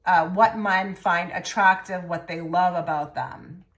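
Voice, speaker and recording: A woman giving a pick-a-card tarot reading to her viewers, rambling and repeating herself, often trailing into soft murmured phrases. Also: on the low side, a little slow. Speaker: tarot reader.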